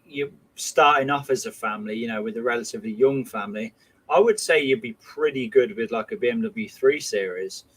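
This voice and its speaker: Guy chatting on his livestream, lots of uh and you know, mid pitch. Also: a bit bright, low-quality recording. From England. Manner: chatty, friendly, many fillers like "you know" and "uh". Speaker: livestream host. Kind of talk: casual livestream chat reading comments.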